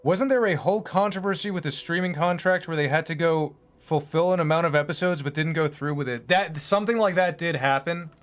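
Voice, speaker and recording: A man's voice: fairly high pitch, brisk, hardly any pauses, soft background music. Rambling, opinionated male streamer. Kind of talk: casual chat while streaming.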